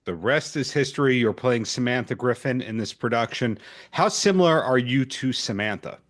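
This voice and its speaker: A man hosting a podcast interview, asking long, measured questions in a conversational way. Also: medium pitch, lively intonation. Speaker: podcast host.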